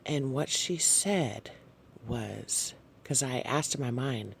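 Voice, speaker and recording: A channel host with a gravelly, medium-pitched male voice casually recounts a dream to his audience, speaking at an unhurried pace. He's animated yet soft and halting, often pausing on fillers and apologizing, with a little hiss or hum in the background.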